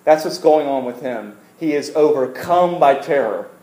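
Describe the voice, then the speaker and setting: Man preaching, casual joking sermon, slightly high voice, echoey church room. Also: expressive, moderate pace, dark tone. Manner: joking, conversational, asks the congregation to repeat words. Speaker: pastor.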